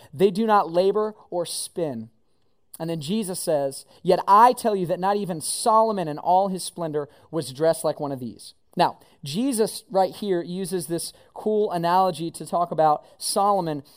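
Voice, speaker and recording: A male preacher delivers a relaxed, conversational sermon. He gets animated, acting out lines of scripture and everyday chatter as he explains them. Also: high-pitched.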